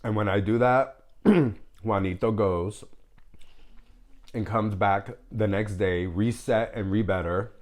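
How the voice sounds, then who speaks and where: Man with a fairly low voice, host of a home food vlog, candid and jokey with his viewers, slips Spanish phrases into his talk. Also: slow, pauses often. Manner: candid, joking, chatty with viewers. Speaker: food vlogger. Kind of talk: casual mukbang vlog to camera.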